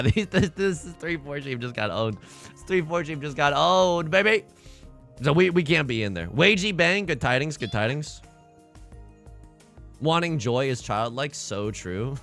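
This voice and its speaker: A young man chatting casually on a livestream as he plays mahjong and reads chat aloud, joking and animated. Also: fairly high pitch, creaky. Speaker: streamer playing online mahjong.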